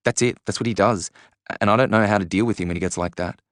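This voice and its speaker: A man voicing an anxious young woman who speaks haltingly, with fillers and breaks. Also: on the low side, a bit bright, no room sound, studio quality, lightly acted. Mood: uneasy.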